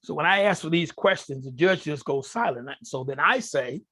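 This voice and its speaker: A man's voice: a little high, normal speed, breathy edge. A man on a podcast as a guest, telling his own stories casually and animatedly, often speaking straight to the listeners. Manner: animated, addresses listeners directly. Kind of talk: casual storytelling to an audience.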